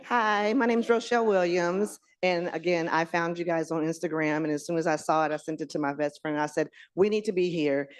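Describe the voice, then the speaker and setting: A woman telling a dinner circle, with excited, gushing enthusiasm, how thrilled she is to meet an author. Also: on the low side, a little fast, few pauses, clear, resonant tone. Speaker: dinner guest. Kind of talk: casual group sharing.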